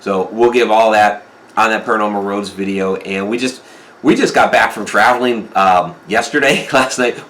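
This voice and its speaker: A man's voice: low-pitched, a bit bright. A man hosting a paranormal livestream talk show, speaking casually with filler words. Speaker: host.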